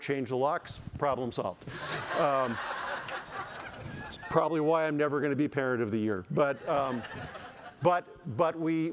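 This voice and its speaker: Keynote speaker, middle-aged man, mid-pitched, lively delivery, quick jokes, restarts mid-sentence. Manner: animated, joking asides, frequent restarts. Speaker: keynote speaker, housing economist. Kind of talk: conference keynote talk. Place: conference stage.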